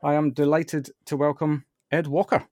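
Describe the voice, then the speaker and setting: A man's voice: fairly high pitch, little pitch movement, normal speed, a little mellow, no room sound, studio quality. A Scottish man hosting a light-hearted interview podcast, chatty and self-deprecating. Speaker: podcast host. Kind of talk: casual interview.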